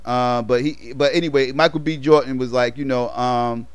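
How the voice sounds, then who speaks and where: A man's voice: mid-range voice, fairly even intonation, normal speed, few pauses, clear, resonant tone, no echo. A man casually retelling a movie plot for his review, rambling with lots of fillers and slang.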